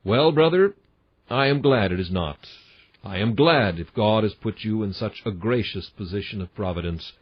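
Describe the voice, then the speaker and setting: Deep-voiced man reading an old sermon. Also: moderate pace, husky, dry recording, lo-fi sound. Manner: emphatic, earnest preaching cadence. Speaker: sermon reader. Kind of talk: reading a classic sermon aloud.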